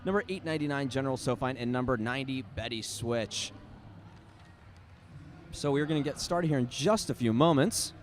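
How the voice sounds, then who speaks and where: A man's voice: mid-range voice, normal speed, a little hiss or hum. An American man commentating a roller derby game live, giving play-by-play with jokey, punny asides. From United States.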